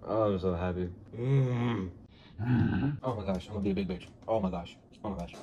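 A man vlogging casually, excitable and gushing, with a heartfelt, sincere way of signing off. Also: low-pitched, a little fast, slight background noise. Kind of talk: casual food vlog.

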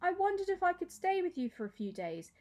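A woman's voice: extremely high pitch, big pitch swings, a little fast, darkish tone, voice pushed up. A woman reading a storybook aloud, voicing an anxious young boy who asks for help hesitantly and trails off.

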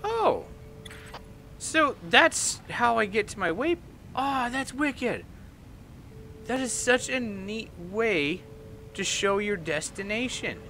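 Enthusiastic male gamer, bright tone, lively up-and-down delivery, soft game music under him. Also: very high-pitched, slow, pauses often, a little hiss or hum. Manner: excitable, reads game text aloud in voices. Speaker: gaming YouTuber. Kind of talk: let's play commentary. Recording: light game music behind.

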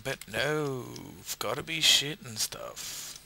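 A man with an Australian accent, a bit drunk, giving casual gameplay commentary and swearing loudly at his own failed jumps. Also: mid-range voice, slow pace, vocal fry. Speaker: gamer playing a parkour map.

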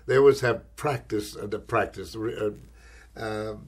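An older actor telling an anecdote in an interview, animated and acting out the voices he quotes, often adding "you know". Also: lowish voice, unhurried, slightly rough. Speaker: actor recalling his career.

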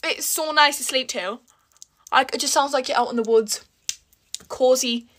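A young woman chatting through her get-ready-with-me vlog in a rushed, exasperated way, at home. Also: high-pitched, a bit bright. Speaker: beauty vlogger. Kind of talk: casual get-ready-with-me chat. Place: home, indoors. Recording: noisy room with background cricket sounds. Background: cricket sounds from a smart speaker.

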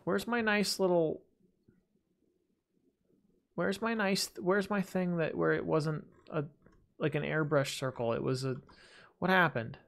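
A man's voice: a little high, steady tone, unhurried, gravelly, pauses often. A man hosting a casual let's-play video, chatting and muttering to himself as he plays, joking at his own mistakes. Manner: chatty, self-deprecating, talks to himself while playing. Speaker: gaming video host.

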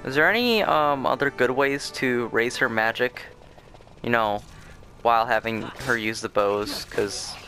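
Bright-voiced young man chatting over gameplay. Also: medium pitch. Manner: rambling and chatty, with many fillers and restarts. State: sleepy, yawning. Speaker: let's play host. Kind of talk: casual gameplay commentary. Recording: faint game music behind.

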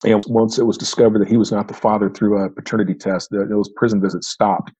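Middle-aged guy, ex-agent, talking through an old case, restarts a lot, kinda husky and warm. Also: on the low side, little pitch movement, fast talker. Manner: storytelling with frequent restarts and repeated words. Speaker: retired FBI agent, podcast guest. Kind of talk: recounting a case in conversation.

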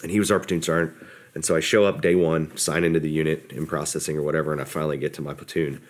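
A middle-aged man casually telling a story from his past, relaxed and self-deprecating, acting out what other people said. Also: very deep voice, rapid-fire. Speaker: podcast guest, former soldier.

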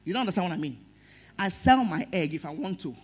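A woman's voice: on the low side, lively intonation, fast, husky. Emotional Nigerian woman pastor preaching. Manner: emotional, swinging between loud stress and soft. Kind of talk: sermon.

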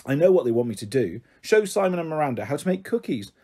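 A man's voice: a little high, very animated, fast talker, warm tone, breathy edge. A man reading a children's storybook aloud, narrating expressively. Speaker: audiobook reader.

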